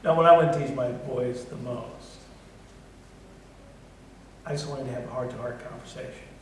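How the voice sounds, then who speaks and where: A middle-aged man preaching a blunt sermon as pastor, going from loud, forceful passages down to soft, quiet ones. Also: mid-range voice, moderate pace, slight background noise. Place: church sanctuary. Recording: echoey hall from far off.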